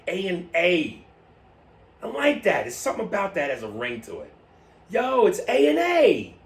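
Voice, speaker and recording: A man co-hosting a podcast, reading listener emails and riffing loudly with big pitch jumps. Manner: animated, loud riffing with sudden pitch jumps. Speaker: podcast co-host. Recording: roomy, distant mic with faint noise.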